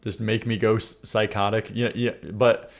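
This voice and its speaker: A streamer reviewing viewer song submissions reacts casually on his live stream, with wry sarcasm, laughing asides and mumbled muttering. His voice sits fairly low, and his delivery is flat at a normal speed.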